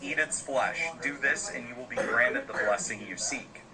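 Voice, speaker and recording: A man voicing a disembodied demonic serpent spirit in a deep, dark voice, with crowd noise behind. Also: normal speed, natural voice. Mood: menacing.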